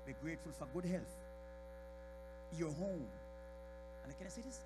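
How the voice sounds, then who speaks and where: Fervent preacher with a soaring voice. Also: male voice, lively intonation, normal speed, background noise. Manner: builds from quiet to shouted high points, calls out congregation members by name. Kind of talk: sermon. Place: church sanctuary.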